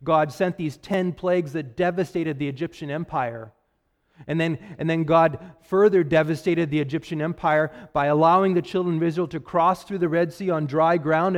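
A man's voice: a little high, steady tone, normal speed. Pastor, male, earnest sermon delivery, reverberant sanctuary sound. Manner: earnest preaching with rising emphasis and soft drops.

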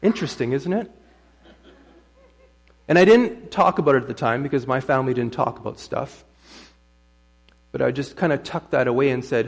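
Middle-aged male pastor, gravelly voice, folksy storytelling sermon, chatty asides to the room. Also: mid-range voice, normal speed, pauses often. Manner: folksy, conversational, asks the audience rhetorical questions. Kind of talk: sermon with personal stories.

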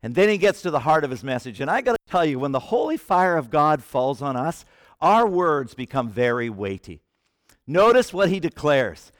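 A man preaching a sermon with passion, swinging from hushed lines to shouting. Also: a little high, sing-song, moderate pace, dry recording, clean studio sound.

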